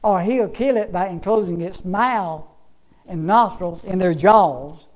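Give me a high-pitched male preacher, emphatic and folksy. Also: unhurried, darkish tone, poor audio. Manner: emphatic, repetitive, folksy storytelling. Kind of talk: sermon.

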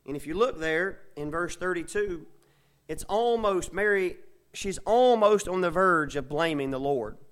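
A man preaching a sermon, often tagging his points with a questioning "amen?" and building from quiet asides to loud, emphatic stretches. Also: a little high, smooth. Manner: tags phrases with a questioning "amen?". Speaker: pastor.

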